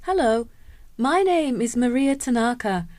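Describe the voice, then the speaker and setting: A woman voicing a young student in a scripted exam recording, introducing herself in a fairly high voice. She spells her name out at a very slow, careful pace. The sound is dry and close. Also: lively intonation, a little mellow, no room sound. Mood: friendly. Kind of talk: scripted listening-exam dialogue.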